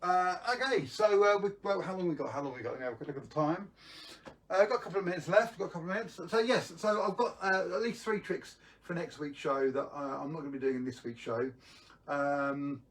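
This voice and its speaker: A man's voice: on the high side, a little fast, far from the mic. A man hosting a live magic stream, chatting casually to viewers with lots of ums and restarts.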